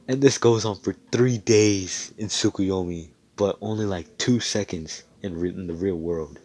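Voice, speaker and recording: A man's voice: deep voice, measured pace, hardly any pauses, warm tone. A young man casually telling a fan-made story, rambling and swearing as he goes. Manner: rambling, profane, loose.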